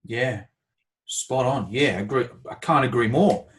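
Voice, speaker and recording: A man's voice: medium pitch, unhurried. A man hosting a podcast interview, enthusiastic and agreeable, chatting casually with his guest. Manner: enthusiastic, agreeable, laughs often. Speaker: podcast host.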